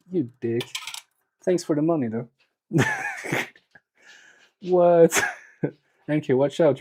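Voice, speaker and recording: A man talking in an unhurried, relaxed drawl as he live-streams a repair session from his home workbench. He jokes and teases his chat, often mocking himself. His voice sits on the mellow, warm side. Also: fairly high pitch. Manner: joking, self-mocking, chatty with viewers.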